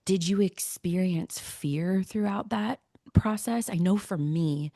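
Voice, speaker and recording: A woman's voice: lowish voice, slow, mellow, no echo, studio quality. A woman hosting a podcast interview, speaking in a thoughtful, empathetic way. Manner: thoughtful, empathetic, relating to her own experience. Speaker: podcast host. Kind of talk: casual interview chat.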